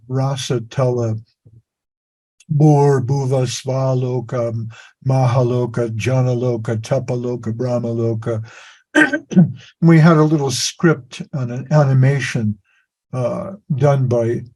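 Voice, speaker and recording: A man's voice: mid-range voice, darkish tone, low-quality recording. A man telling a meandering, self-deprecating story on a video call as a spiritual teacher. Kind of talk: anecdotal storytelling.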